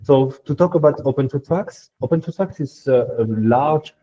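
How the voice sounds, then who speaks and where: A man from France with a French accent, presenting a technical workshop and explaining things step by step in a slow, halting way. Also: medium pitch, warm tone. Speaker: workshop speaker, machine learning engineer. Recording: muffled lo-fi audio.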